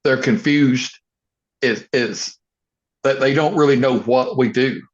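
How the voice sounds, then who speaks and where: A man's voice: mid-range voice, takes it slowly. Earnest, firm-spoken man with a dull sound. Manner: earnest, firm, speaks in short affirming phrases. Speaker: chiropractor, podcast co-host. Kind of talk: casual chat.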